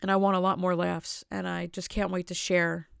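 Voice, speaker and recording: Gravelly-voiced woman hosting a rambling podcast. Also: fairly low pitch, level tone, normal speed, a bit bright, no room sound, clean studio sound. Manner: rambling, self-mocking jokes. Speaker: podcast host. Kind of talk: casual solo podcast chat. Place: at home with family asleep.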